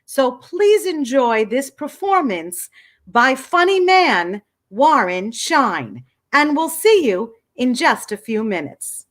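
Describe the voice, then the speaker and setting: A woman hosting a program and giving a measured, welcoming scripted introduction. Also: high-pitched, very animated, a bit bright. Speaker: host.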